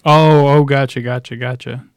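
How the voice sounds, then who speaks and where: Gravelly man rambling in casual chat. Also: medium pitch, steady tone, moderate pace, no echo. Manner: rambling, repeats words, laughs easily. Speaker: podcast co-host.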